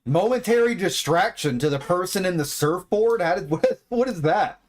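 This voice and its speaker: A man talks through a wrestling broadcast in a loose, offhand way, cracking wry remarks and dropping the odd swear. His voice sits a little high and moves around a lot, rising and falling with animated energy. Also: normal speed. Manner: chatty, wry, swears casually. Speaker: watch party host. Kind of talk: casual live commentary on a wrestling broadcast.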